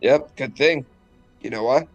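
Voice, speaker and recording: A man's voice: mid-range voice, unhurried, lo-fi sound, soft background music. A man voicing a huge, formal male robot guild master with a bear head in a tabletop game, polite but menacing. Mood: threatening.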